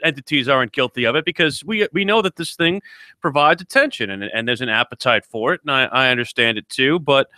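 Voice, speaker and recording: A man co-hosting sports talk radio with a bright, forceful tone. He presses his point and doubles up on words as he works through a thought. His voice sounds dry and close, with no room around it. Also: medium pitch, brisk, no echo. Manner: emphatic, repeats words while thinking. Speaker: radio co-host.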